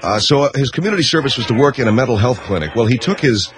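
A man's voice: medium pitch, expressive, very fast, poor audio. A man hosting a radio call-in show, needling his guest and setting up the story. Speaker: radio talk show host.

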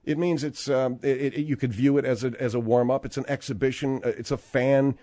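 A man hosting a sports talk radio show, bantering with his co-hosts and reading out the news in an animated, rambling way. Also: mid-range voice, brisk, dry recording. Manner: animated, rambling, with frequent restarts.

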